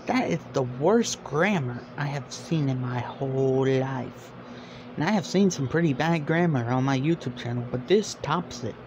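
A man's voice: medium pitch, moderate pace, background noise. A young man making a casual vlog, reading viewer comments aloud in an exasperated way. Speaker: YouTuber.

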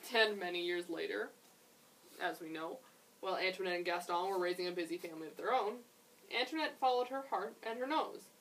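A young woman, a children's librarian, reading a picture book aloud in a gentle, expressive way with chatty asides. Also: lowish voice, fairly quick, recorded from a distance, slight background noise, rough recording.

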